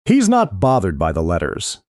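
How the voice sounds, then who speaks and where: A man narrates a thriller audiobook in the first person, his voice sitting very low. His delivery moves expressively up and down as he builds tension. The recording is dry and close, with no room around it. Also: huge pitch swings, moderate pace, darkish tone, no room sound.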